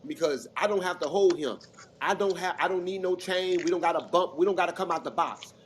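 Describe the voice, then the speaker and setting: Casual male panelist from Mississippi, a bit high-pitched, animated storyteller who swears freely, on a noisy chat-room line. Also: a little fast. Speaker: regular panelist. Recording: noisy audio-chat recording.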